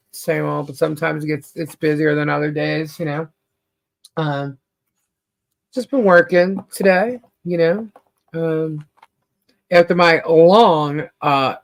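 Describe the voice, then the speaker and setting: Woman livestream host, slow easygoing delivery, chatty, laughs a lot, slightly worn voice. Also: sits low. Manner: greets viewers by name, laughs often. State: losing her voice. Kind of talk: casual livestream chat.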